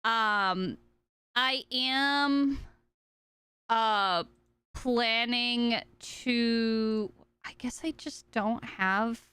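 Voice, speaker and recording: Woman streamer, casual stream chat, scattered and muttering to herself, very slow drawl, dry close sound. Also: fairly high pitch, fairly even intonation, bright, forceful tone, smooth, no room sound. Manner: scattered, talking to herself and chat while searching settings.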